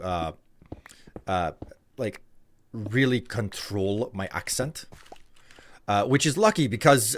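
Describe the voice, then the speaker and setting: A man's voice: on the low side, fairly bright tone. A man streaming live, chatting casually with viewers, often hesitating and restarting his sentences. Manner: hesitant, restarts and repeats words.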